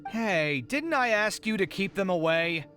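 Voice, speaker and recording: Heavily acted and pushed, the voice is high, bright, animated, and unhurried as a man plays a weary young male architect in a video game dub. The put-upon character sighs and complains in exasperation, with faint game music underneath.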